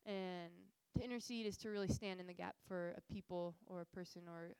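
A woman's voice: lowish voice, fairly quick, smooth, dry recording, low-quality recording. Earnest young woman giving a faith talk. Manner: earnest, animated storytelling with frequent fillers. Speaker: missions speaker. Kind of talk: casual faith talk with slides.

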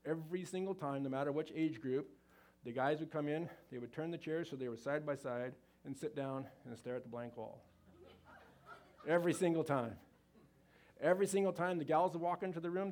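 A man's voice: mid-range voice, darkish tone. A man speaking to a live audience at a marriage seminar, folksy and conversational, with frequent fillers and restarts.

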